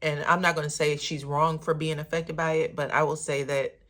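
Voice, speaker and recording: Low-voiced sassy woman recapping reality TV. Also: little pitch movement, normal speed, fairly bright tone. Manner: sassy, chatty, addresses viewers as honey and baby. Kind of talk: casual gossipy recap.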